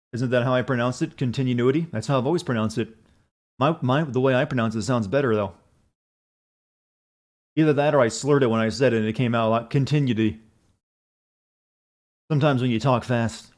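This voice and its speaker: A man's voice: mid-range voice, fairly even intonation, fast talker. A man streaming a video game, chatting casually, answering chat messages in a rambling, profane way.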